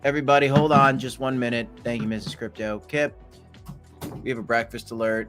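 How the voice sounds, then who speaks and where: A man's voice: mid-range voice, fairly even intonation, a little fast, a bit bright, faint music behind. A man hosting a casual live stream of market commentary, chatty with playful asides and bursts of hype. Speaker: crypto live stream host.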